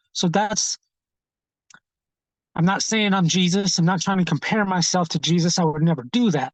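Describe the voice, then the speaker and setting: A man telling his own story in an interview, earnest and halting, often repeating words as he searches for what to say. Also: sits high, dry recording, low-quality recording. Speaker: street ministry founder.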